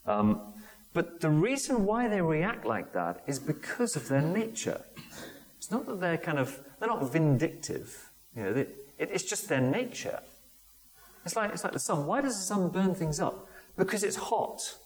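A man giving a conversational sermon, often pausing with fillers and restarting sentences. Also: a little high, sing-song. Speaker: preacher. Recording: long hall reverb.

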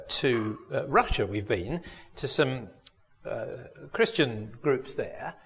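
A man's voice: on the high side, fairly bright tone, big-room sound. A man preaching a sermon, earnest and questioning, speaking straight to the congregation.

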